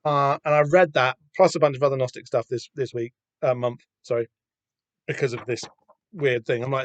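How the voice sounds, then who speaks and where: A man with a mid-range voice hosts a podcast, chatting casually and rambling about a comic with plenty of fillers and restarts. His tone is steady and his pace moderate. The recording is muffled, with no room sound.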